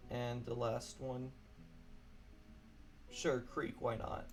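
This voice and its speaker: Gravelly, apologetic man streaming a game. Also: medium pitch, flat delivery, extremely slow. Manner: apologetic, rambling. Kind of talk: casual game streaming chat. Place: alone in a room at a computer.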